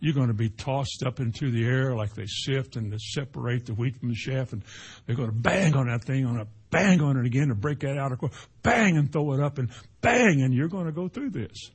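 A man preaching a sermon in a conversational style, swinging between emphatic and hushed delivery. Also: medium pitch, expressive, brisk, breathy edge. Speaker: pastor.

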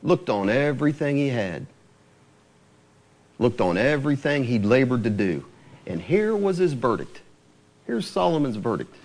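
Lively, animated male preacher. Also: medium pitch, measured pace, pauses often. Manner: lively preaching, quoting scripture with rising emphasis. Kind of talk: sermon.

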